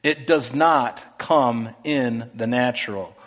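A male pastor preaching a sermon earnestly, often dropping to a soft voice for rhetorical questions. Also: mid-range voice, takes it slowly.

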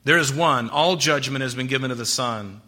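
A man preaching a sermon, quoting scripture and swinging between emphatic rises and hushed drops. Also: mid-range voice, moderate pace. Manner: expository preaching with scripture quotes. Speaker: pastor.

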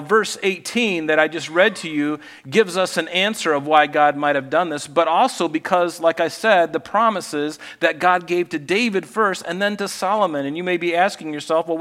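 A man giving a sermon, reading scripture aloud and adding relaxed, conversational comments. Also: on the high side, moderate pace, few pauses, big-room sound. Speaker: pastor.

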